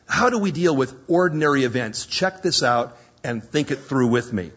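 A man preaching a sermon, telling Bible stories in an animated way and acting out the voices, his voice hoarse. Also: medium pitch, normal speed. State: hoarse, coughing. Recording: dull lo-fi recording.

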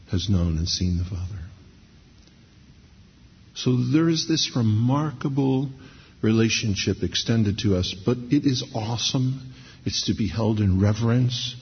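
A middle-aged man preaching a sermon in a conversational, storytelling way, slowing down to read scripture. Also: on the low side, creaky, slightly rough. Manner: conversational, anecdotal, slows down for scripture reading. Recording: dull lo-fi sermon recording.

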